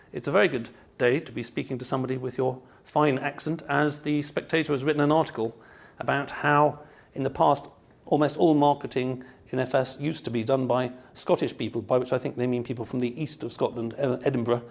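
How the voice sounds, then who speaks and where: Wry gravelly-voiced male podcast host. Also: mid-range voice. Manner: wry, discursive, musing aloud. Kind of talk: scripted intro then casual interview chat. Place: meeting room in London.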